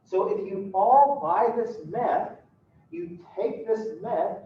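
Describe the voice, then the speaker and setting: A man playing a smooth-talking male drug dealer who delivers a persuasive sales pitch. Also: animated, takes it slowly, slight background noise. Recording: echoey room from a distant mic, dull.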